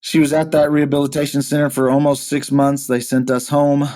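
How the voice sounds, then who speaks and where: A pastor being interviewed, earnestly recounting a hard personal story, often halting and repeating words as he goes. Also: on the high side, flat delivery, warm tone. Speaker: pastor, podcast guest.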